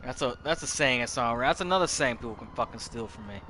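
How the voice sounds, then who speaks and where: A man's voice: mid-range voice, lively intonation, fast, pushed and bright, a little hiss or hum. A man in his thirties giving casual gameplay commentary, rambling and swearing freely, often restarting his sentences. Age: 30s. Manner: rambling, profane, self-interrupting. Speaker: gameplay streamer.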